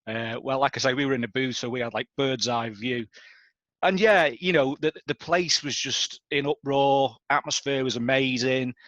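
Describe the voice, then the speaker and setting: A middle-aged man, a DJ, reminiscing in relaxed, conversational chat. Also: mid-range voice, normal speed, no room sound, muffled recording. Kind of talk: casual chat.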